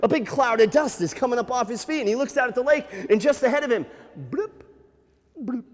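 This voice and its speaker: A man working as a nature museum storyteller, telling an animated, playful tale to children with sound effects. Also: extremely high pitch, fast. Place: library room. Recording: echoey hall.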